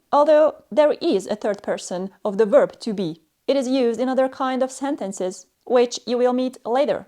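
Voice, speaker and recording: Stern woman language teacher, fairly high voice, cold and condescending, slow clipped phrases. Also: mellow. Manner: slow, clipped delivery with pauses between short phrases. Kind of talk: scripted lesson narration.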